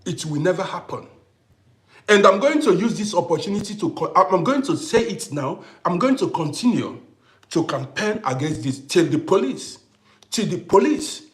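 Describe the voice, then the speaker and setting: Male livestream host, middle-aged, high-pitched and expressive, hammering points home through repetition. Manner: emphatic, repeats phrases for effect. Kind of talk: impassioned livestream monologue.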